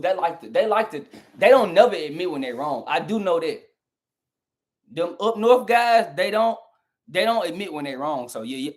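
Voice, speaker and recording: His voice sits high and a bit bright as this young Southern streamer, speaking with a Southern American accent, gets into a heated argument with his chat. He talks straight to them, mocking their responses in an argumentative way.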